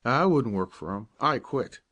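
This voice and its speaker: A man voicing a big, uncouth teenage boy who gives slow, low, earnest warnings. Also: expressive, fairly bright tone.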